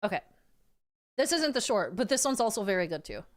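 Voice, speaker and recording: A woman's voice: mid-range voice, sing-song, a little fast. A woman streamer chatting casually with her viewers. She gets worked up easily, swears freely and often repeats her phrases.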